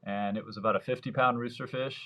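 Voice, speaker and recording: A man's voice: medium pitch, fairly even intonation, quick pace, sharp tone. A man in his thirties, a surf fishing guide, telling long rambling stories in a casual interview and acting out the voices of the people he quotes. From Mexico, Baja California Sur. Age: 30s.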